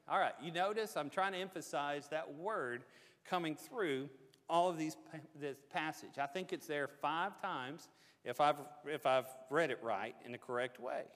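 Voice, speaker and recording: A man's voice: fairly high pitch, moderate pace, fairly bright tone. A man preaching a sermon in a church, in a conversational style that keeps checking in with the congregation. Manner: conversational preaching with tag questions. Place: church sanctuary. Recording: church hall reverb.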